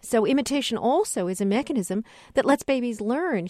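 A middle-aged woman, a guest researcher on a radio call-in show, explaining with lively emphasis. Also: a little high, brisk, few pauses, dry recording, clean studio sound. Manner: animated explainer, acts out voices in quotes. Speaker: guest researcher on child development.

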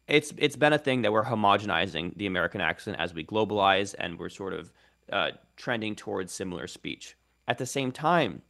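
A man's voice: lowish voice, gravelly, fairly bright tone. A man who is a linguist and content creator, explaining ideas articulately as a radio interview guest.

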